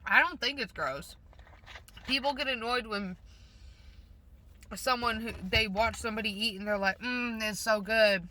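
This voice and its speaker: A woman's voice: on the high side, normal speed, pauses often, bright, forceful tone. A woman vlogger rambling casually while she eats in her car, talking with her mouth full, blunt and a little self-conscious. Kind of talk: casual rambling mukbang chat. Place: parked car.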